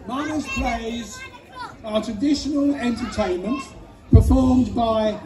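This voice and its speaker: A man's voice: extremely high pitch, slow pace, dark tone. A man narrating a folk play in rhyme, jovially teasing the audience. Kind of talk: rhyming storytelling to an audience. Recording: echoey distant outdoor stage with crowd.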